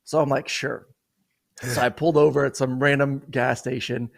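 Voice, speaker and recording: A man's voice: mid-range voice, little pitch movement, a little fast, gravelly. A man in his thirties co-hosts a casual sports talk show. His voice sits in a plain middle register, and he rambles through anecdotes with frequent fillers and restarts. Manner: rambling storyteller, many "you know" and "like" fillers. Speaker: co-host. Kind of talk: casual sports podcast chat.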